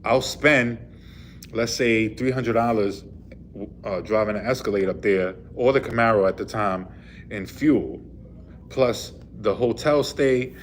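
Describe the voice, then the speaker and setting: In an unhurried, fairly low voice, a trucker sitting in his vehicle casually relates a brush with the police for his storytelling vlog. He rambles and uses plenty of fillers, and the recording carries a slight hiss or hum.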